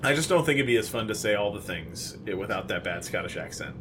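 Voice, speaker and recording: A man's voice: on the low side, lively intonation, fairly bright tone, slight background noise. A man co-hosting a podcast in casual chat, talkative and opinionated, restarting his sentences often. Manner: chatty, halting restarts, opinionated. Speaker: podcast co-host.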